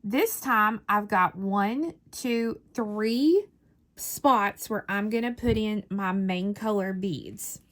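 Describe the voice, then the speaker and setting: A woman teaching a beadwork technique step by step, speaking slowly and patiently. Her voice sits in an ordinary middle register, and she counts beads aloud methodically as she works at a craft table indoors. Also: mid-range voice. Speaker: beading instructor.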